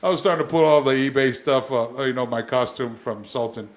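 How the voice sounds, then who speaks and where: A man's voice: mid-range voice, fairly quick, noisy background. A man, a former pro wrestler, telling stories as a guest in a casual interview, rambling with many fillers and restarts.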